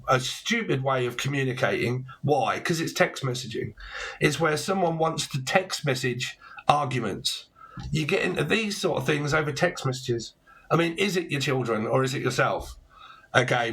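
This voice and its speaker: Husky, blunt man swearing freely. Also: on the high side, fairly bright tone. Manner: blunt, swearing, slangy and rambling. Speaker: tarot reader. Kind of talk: casual tarot reading to camera.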